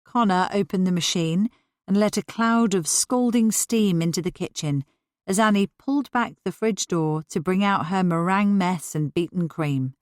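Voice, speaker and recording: A woman narrating a novel as an audiobook in an even, measured way. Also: fairly low pitch, dry recording, clean studio sound. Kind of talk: scripted narration.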